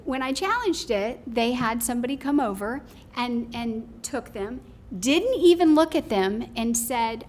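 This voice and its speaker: A woman giving public comment at a county meeting, telling a story in a rambling, animated way with many fillers. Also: a little high, a little slow.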